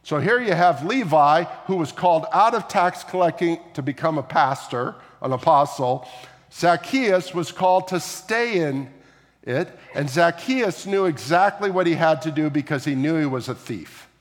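A man preaching a sermon, explaining scripture in a loose conversational way and breaking off to put questions to his listeners. His voice sits fairly high for a man. The sound rings out with the long reverb of a large hall. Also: expressive, moderate pace. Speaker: pastor.

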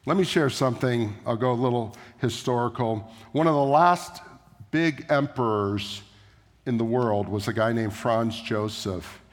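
A man's voice: medium pitch, a little slow. Male pastor preaching in an echoey church. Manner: storytelling, conversational preaching. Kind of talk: sermon. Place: church sanctuary.

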